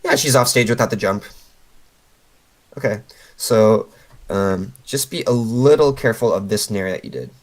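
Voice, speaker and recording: A man's voice: on the low side, lively intonation, normal speed, pauses often, darkish tone, poor audio. A man coaching a player over a voice call, patiently explaining step by step with lots of fillers. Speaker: game coach.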